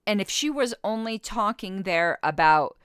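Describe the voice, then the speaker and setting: A woman's voice: mid-range voice, animated, unhurried, fairly bright tone, clean tone, no echo, studio quality. A woman in her fifties hosting a podcast, reading passages from an interview aloud and arguing back with blunt disagreement. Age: 50s. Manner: reads quotes then argues back with blunt disagreement. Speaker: podcast host.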